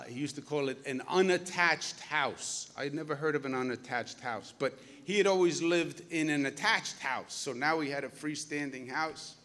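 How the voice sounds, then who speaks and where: A man's voice: medium pitch, a bit bright. Queens-accented man speaking in a hall. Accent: Queens New York. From Queens, New York. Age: 50s. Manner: folksy, storytelling, jokey asides. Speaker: governor speaking at a school. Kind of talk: public speech to students. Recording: reverberant hall.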